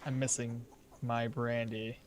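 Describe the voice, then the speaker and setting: A young man chats casually while streaming a game, fielding viewers' questions as he plays. His mid-range voice moves slowly with little pitch movement, typical of casual live-stream commentary.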